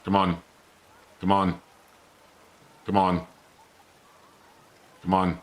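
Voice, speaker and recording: A man's voice: low voice, little pitch movement, drawn-out words. A male streamer giving live gameplay commentary, teasing and taunting in a playful, theatrical mock-villain way.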